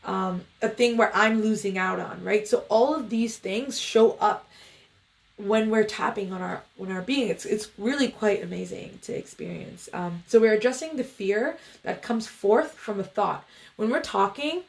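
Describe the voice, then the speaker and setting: A woman meditation coach talks in a relaxed, rambling way to her livestream viewers. Her pitch sits in a middle range, and she leans on fillers and friendly asides. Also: normal speed, gravelly. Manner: loose, chatty, filler-heavy, greets viewers. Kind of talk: casual livestream talk.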